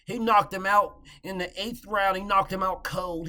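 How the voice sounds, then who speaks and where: A man's voice: high-pitched, steady tone, moderate pace, bright, forceful tone. A man hosting a casual boxing opinion monologue, blunt and profane, mocking his critics and getting heated with frequent restarts. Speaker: boxing commentary host.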